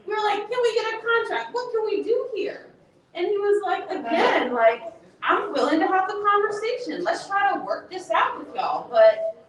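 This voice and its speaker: A woman organizer giving a passionate, emotional talk to an audience, laughing and close to tears as she speaks. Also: high-pitched. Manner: passionate, laughs and nearly cries. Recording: echoey room, speaker far from mic.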